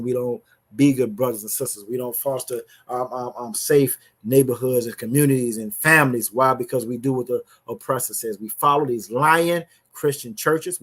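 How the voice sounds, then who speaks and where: A man with a teaching a brotherhood Bible class in a preaching style. His voice sits at an ordinary middle pitch. He reads verses slowly and often repeats words while finding his place. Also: a bit bright.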